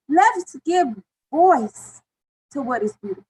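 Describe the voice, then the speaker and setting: A woman moderating a panel discussion, speaking in a measured, affirming way. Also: on the high side, breathy edge, poor audio.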